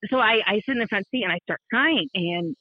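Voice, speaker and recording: A woman's voice: medium pitch, a little fast, dry recording. Woman telling a story over a thin line. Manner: animated, self-deprecating, laughs often, many fillers. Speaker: podcast guest, mother. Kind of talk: casual storytelling on a podcast. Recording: thin phone-like sound, dry.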